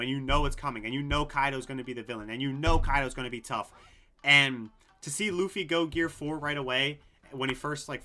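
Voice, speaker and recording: A young man casually ranking anime story arcs, excitable and rambling, swearing a lot and full of fillers. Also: a little high. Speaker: anime video host.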